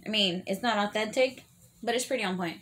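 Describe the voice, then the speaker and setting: A woman telling a long story in a casual eating vlog, animated, swearing freely and full of fillers. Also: mid-range voice, brisk.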